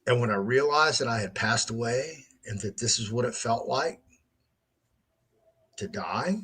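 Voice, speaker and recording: Host, middle-aged man, husky and bright-toned, rambling casual monologue full of laughs and curses. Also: mid-range voice, measured pace. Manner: laughs often between lines, swears freely. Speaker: show host.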